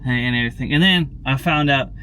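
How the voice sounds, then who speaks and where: A man vlogging to his viewers in a loose, rambling way. He keeps circling back with filler like "and everything," speaks at a middling pitch and repeats little phrases as he goes. The talk sounds off the cuff and chatty. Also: brisk, sharp tone, slight background noise. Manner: rambling, tacks on "and everything" and "tell you what" constantly; talks straight to viewers, repeats words. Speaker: daily vlogger. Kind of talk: casual rambling vlog chat.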